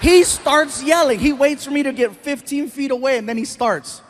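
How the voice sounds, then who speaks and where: A man's voice: extremely high pitch, normal speed, few pauses, a little hiss or hum. A man in his thirties performing a stand-up comedy set, telling stories and acting out the voices of the people in them. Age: 30s. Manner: animated storytelling, acts out other people's voices.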